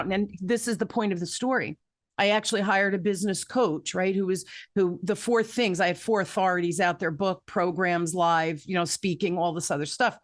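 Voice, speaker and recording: Fifties woman host, chatty storyteller, mid pitch, dry close mic. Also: brisk, no room sound. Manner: animated storyteller, acts out quotes. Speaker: podcast host. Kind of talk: casual interview chat.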